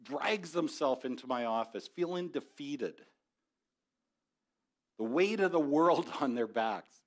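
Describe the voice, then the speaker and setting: Conversational pastor preaching a sermon. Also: male voice, mid-range voice, expressive, takes it slowly. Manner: conversational, rising to passionate exhortation.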